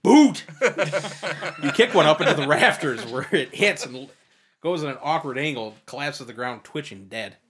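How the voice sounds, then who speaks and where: A man acting as game master, narrating a tabletop game with animated energy and frequent laughter. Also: medium pitch, a little fast.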